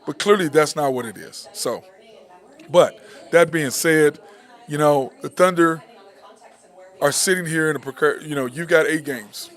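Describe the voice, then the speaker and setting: A man's voice: on the high side, measured pace, long pauses, a bit bright. A man hosting a sports talk show, ranting with frustration about a basketball team, repeating his points.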